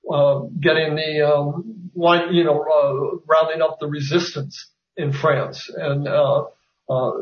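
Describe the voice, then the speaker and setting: A man, an author being interviewed, talking at length with many fillers and restarts. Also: a little high. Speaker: author guest. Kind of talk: conversational interview. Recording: roomy, distant, dull sound.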